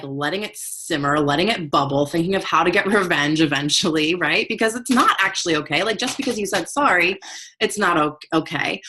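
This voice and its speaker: Speaking frankly and swearing now and then, a woman gives a conversational, motivational lesson on emotional intelligence while repeatedly checking in with those listening. Her voice is medium in pitch, slightly bright, with a breathy edge.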